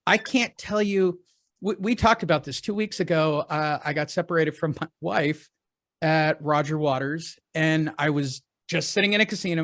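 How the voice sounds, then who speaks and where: A talkative man with a somewhat higher-than-usual voice for a man. He chats casually on a call, spinning anecdotes and tossing in joking asides. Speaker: real estate coach.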